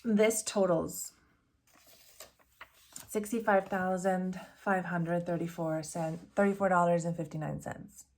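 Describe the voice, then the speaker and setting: A woman's voice: on the low side, fairly even intonation, a little slow, darkish tone. A woman budgeting vlogger talking casually to camera, candid and rambling with fillers, self-corrections, nervous laughs and sighs.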